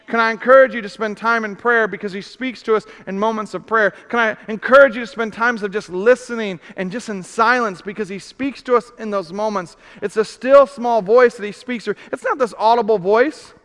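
Man, pastor, sermon, high smooth voice, long hall reverb. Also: a little fast, few pauses. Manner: animated, shifts from loud emphasis to hushed questions.

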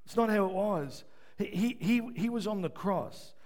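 A man preaching a sermon. He swings from quiet, low passages to shouted peaks and keeps asking the room "yeah?". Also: expressive, normal speed. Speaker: pastor.

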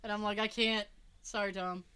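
A woman's voice: mid-range voice, level tone, normal speed, sharp tone, clean tone. A woman chatting casually, telling funny family stories with lots of swearing and laughter. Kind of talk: casual chat.

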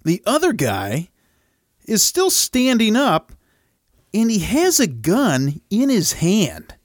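A man co-hosting a podcast who talks through a film in casual chat, amused and animated. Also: sits high, slow pace, no room sound, studio quality. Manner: amused, animated, laughs through his lines. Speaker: podcast co-host.

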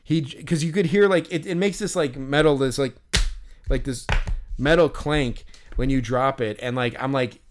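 A man co-hosting a podcast, telling a story in an animated, rambling way, full of fillers and the odd swear word. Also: mid-range voice, moderate pace, noisy background. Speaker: podcast co-host. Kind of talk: casual storytelling chat.

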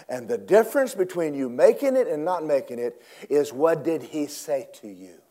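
A man preaching a sermon in a church, dramatic, swinging from shouts down to hushed whispers. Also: a little high, very animated, normal speed. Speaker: pastor.

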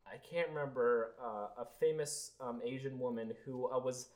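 A man's voice: mid-range voice, normal speed. A young man chatting casually about a film on a podcast, rambling with lots of fillers and trailing off. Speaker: podcast co-host. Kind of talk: casual movie review chat.

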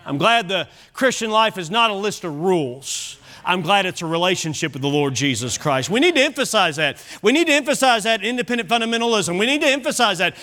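High, bright-voiced male preacher. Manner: emphatic preaching with repeated phrases. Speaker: pastor. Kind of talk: sermon. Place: church service.

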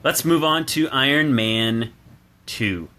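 This man speaks slowly in a mid-range voice that sounds pushed and bright. Alone at home, he delivers a casual, opinionated solo film review, chatty and full of restarts and fillers.

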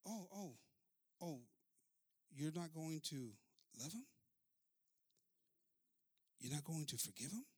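A preacher doing a hushed old church lady. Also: on the high side, expressive, quick pace, husky, no echo, studio quality, exaggerated voice. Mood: pleading. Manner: soft, hushed, pleading. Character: gentle little old Christian woman secretary.

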